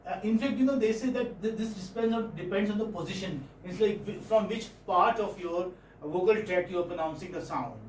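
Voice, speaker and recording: A fairly high-voiced man teaching a phonetics class, speaking from a distance in an echoey room with faint hiss behind him. He talks patiently and keeps checking in with his students. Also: a little fast. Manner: patient, checks in often with "okay?" and "hmm?". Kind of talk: classroom lecture. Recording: echoey classroom, mic far off.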